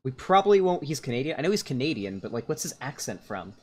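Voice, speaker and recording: A man's voice: medium pitch, big pitch swings, quick pace. A young adult man streaming live, giving casual, rambling reaction commentary full of fillers and restarts.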